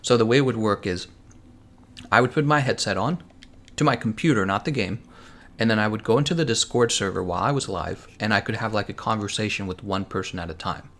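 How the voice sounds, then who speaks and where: While live-streaming a game, a man rambles through his thoughts aloud and responds to viewers' chat messages in casual talk. He has a lowish but fairly bright voice and speaks fairly quickly.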